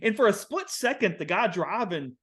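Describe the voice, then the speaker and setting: A young man with a Southern American accent, casually telling a long story on a podcast, rambling with lots of fillers and getting animated. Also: sits high, normal speed. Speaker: podcast co-host.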